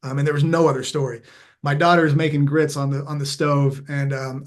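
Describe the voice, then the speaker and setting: A man's voice: a little high, fairly quick. A man as a podcast guest, telling a candid personal story in an earnest, reflective way and often restarting his phrases. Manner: animated when acting out past moments. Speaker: podcast guest, veteran turned mindfulness coach.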